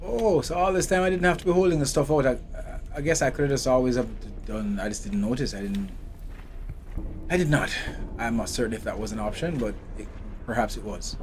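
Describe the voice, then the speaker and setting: A man's voice: medium pitch, fairly quick, a little hiss or hum. A man streaming a horror game live, talking to himself and taunting the enemy, swearing when things go wrong. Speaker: gaming channel host. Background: game music.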